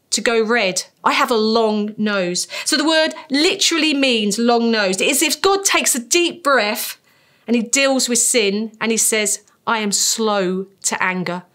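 A British woman preaching a sermon, emphatic and slowing down to stress key phrases. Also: a little high, fairly bright tone. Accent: British English.

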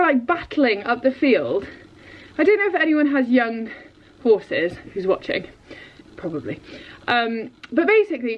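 A young woman, a dressage rider and vlogger, chatting in an excitable, rambling way to her viewers. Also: on the high side. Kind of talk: casual vlog chat. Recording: dull lo-fi sound.

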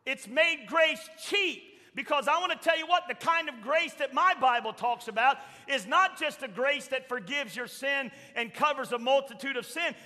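High, bright-voiced preaching man in a reverberant church. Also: normal speed, few pauses. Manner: emphatic preaching, swings from loud shouts to soft quoted asides. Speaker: pastor. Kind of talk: sermon. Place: church sanctuary.

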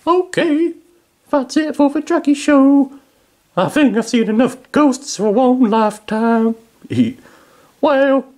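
Woman doing a squeaky little dragon, sing-songy and dramatic, talks slow, soft mellow tone. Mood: cheery. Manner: sing-song, goofy, playfully dramatic. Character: playful young dragon vlogger, easily spooked.

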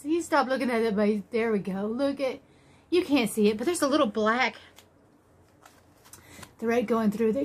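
A woman talks casually to her camera at home, gushing over each thing she finds. Her voice sits high and jumps higher still whenever she gets excited. She sounds a little tired but keeps exclaiming. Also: normal speed, long pauses. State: tired after work. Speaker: crochet vlogger. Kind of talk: casual unboxing chat.

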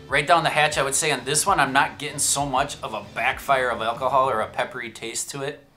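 A man talks through a whiskey tasting in a relaxed, chatty way, with a bright, forceful voice. He tosses in jokey asides as he goes, and faint music plays behind him. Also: medium pitch, fast. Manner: chatty, self-amused, joking asides. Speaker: whiskey reviewer. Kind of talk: casual tasting review. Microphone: shotgun microphone.

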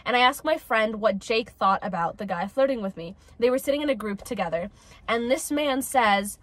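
A woman's voice: fairly high pitch, expressive, normal speed, no echo. A nineteen-year-old woman chatting casually and reading stories aloud in a dramatic, giggly way. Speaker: host.

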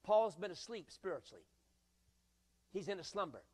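High-voiced, lively male preacher. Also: normal speed. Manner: animated preaching that swings from loud bursts to hushed lines; acts out quoted voices and jokes with the listeners. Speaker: pastor. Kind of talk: sermon.

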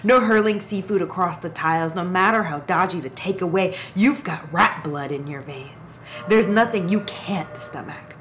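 A woman reading the lines of a sly, grimy rat-king man in a low, hushed, conspiratorial voice. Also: moderate pace, slight background noise, lightly acted.

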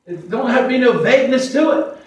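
A man in his forties preaching a sermon as pastor, plain-spoken, repeating himself and slowing down to stress verses. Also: very high-pitched, lively intonation. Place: church sanctuary. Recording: echoey church from far off.

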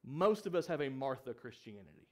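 A man's voice: mid-range voice, big pitch swings, brisk, a little mellow. A young man preaching a sermon as pastor, asking the congregation questions and acting out the quoted lines of the story. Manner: acts out quoted pleas with rising emphasis.

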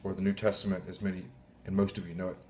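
A man pastor giving a heartfelt, halting sermon, often clearing his throat. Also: sits low, little pitch movement, darkish tone. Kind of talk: emotional sermon.

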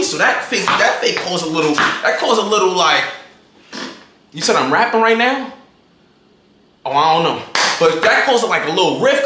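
A young man telling a storytime vlog in slangy, animated talk, acting out his own lines. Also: high-pitched. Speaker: vlogger. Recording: echoey room, faint noise.

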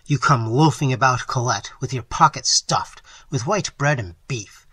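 Man voicing angry young artist, loud threatening storybook voice, sweeping pitch, slightly husky. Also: lively intonation, moderate pace, no echo. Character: angry young male artist, fierce and scornful.

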